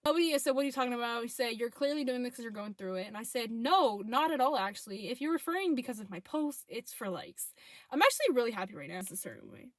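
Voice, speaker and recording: A young woman casually retelling a breakup through text messages, profane and animated. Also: on the high side, quick pace, no room sound, clean studio sound. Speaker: storyteller. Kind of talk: casual storytime vlog.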